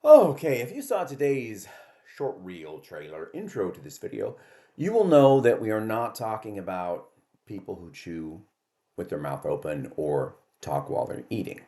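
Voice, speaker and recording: A man in his sixties talks straight to the camera in a casual, chatty way, wry and self-deprecating. His voice sits low, yet it rises and falls with animated swings as he tells his stories. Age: 60s. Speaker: vlog host.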